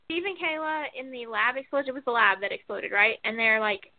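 A chatty woman retells scenes in a rambling, animated way, full of fillers. Her voice sits a little high, and it comes through a thin, phone-like line with a dry sound. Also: fairly quick, dry recording. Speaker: co-host. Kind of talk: casual chat recapping soap scenes.

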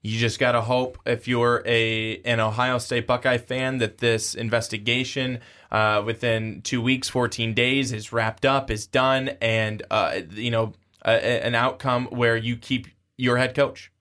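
A man's voice: medium pitch, level tone, a little slow, bright, forceful tone. A man in his twenties co-hosting a sports podcast, talking in casual chat and often repeating words as he starts a thought. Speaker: podcast co-host.

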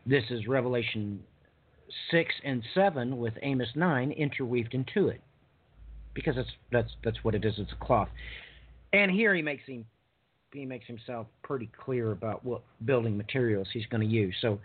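A man hosts a casual on-air talk, rambling and chatty, with plenty of fillers. His voice is husky and sits mid-range. The audio is thin and phone-like. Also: mid-range voice, normal speed. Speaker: radio show host. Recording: husky voice over phone-like line.

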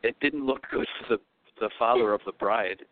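Australian comedian guest, deep voice, animated storyteller; dry, phone-like audio. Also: male voice, normal speed, no room sound. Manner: animated, acts out voices in his anecdotes. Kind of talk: storytelling interview.

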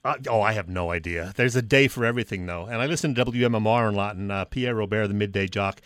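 A man co-hosting a casual sports radio chat, relaxed and jokey as he tells stories. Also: on the low side, quick pace, no echo. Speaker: co-host.

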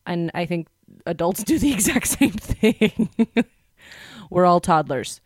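A woman co-hosting a casual podcast chat, agreeable and chatty with animated asides. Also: on the low side, slow pace, no room sound, clean studio sound.

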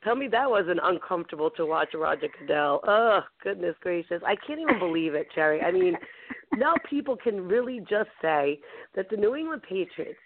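A woman hosting a call-in show, her voice strained from a late night out, talking excitedly and rambling with laughs and fillers. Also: fairly low pitch, moderate pace. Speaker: show host. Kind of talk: casual call-in chat. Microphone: phone line. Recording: tinny phone line.

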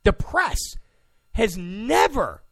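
A man delivering a political opinion monologue, his voice high and gravelly with a lot of swing in pitch. He mocks the people he talks about and slips into put-on voices to quote them. He speaks slowly, on a dry, close mic. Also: very animated, no room sound. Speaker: political commentator.

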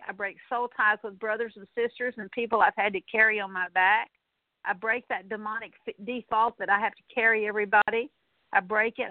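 A woman with a fairly high voice leads a deliverance prayer in earnest, repeated declarations. The sound is tinny and narrow, like an old radio broadcast, close and dry with no room around it. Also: no echo. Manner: earnest, repetitive declarations, occasional fillers. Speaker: radio minister.

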